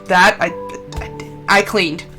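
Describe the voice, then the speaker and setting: A woman streaming a game, chatting casually and rambling off on tangents in an expressive way. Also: mid-range voice, takes it slowly, soft background music. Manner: animated and expressive. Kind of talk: casual gameplay chat.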